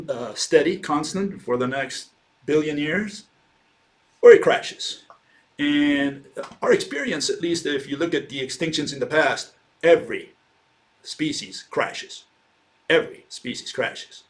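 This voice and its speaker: A man giving an informal slide lecture, loose and conversational, with frequent fillers and "okay". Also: mid-range voice.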